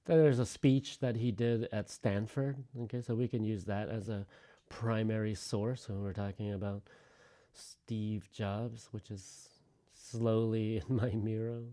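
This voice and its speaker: A male teacher giving a relaxed, chatty lecture to his class, with joking asides and thinking out loud as he goes. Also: lowish voice, unhurried.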